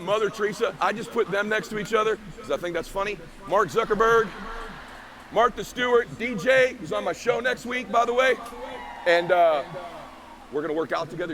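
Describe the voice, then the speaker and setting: A man giving an emphatic, preachy motivational keynote on stage before a live audience, firing off rhetorical questions. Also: high voice. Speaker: motivational speaker.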